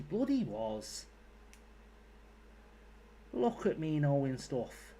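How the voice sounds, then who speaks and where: A man's voice: fairly high pitch, lively intonation, slow, long pauses, dark tone, slight background noise. A man giving casual, rambling commentary while playing a game, swearing freely. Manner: rambling, sweary, chatty asides. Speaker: gaming YouTuber.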